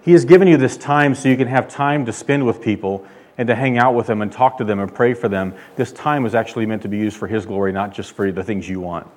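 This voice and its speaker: A male pastor delivering a sermon, emphatic, rising and getting louder when he quotes God. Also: fairly low pitch, quick pace. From California. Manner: emphatic preaching, loud when quoting God.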